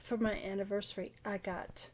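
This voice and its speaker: An older widowed grandmother telling a personal story in a halting, rambling way in a casual vlog. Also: mid-range voice, level tone, slight background noise.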